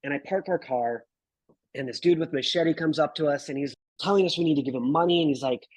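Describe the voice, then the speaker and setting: Laid-back husky man telling a story. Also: a little high, quick pace, no room sound, low-quality recording. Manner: laid-back, swears, says dude and bro. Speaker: guest photographer. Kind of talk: casual storytelling interview.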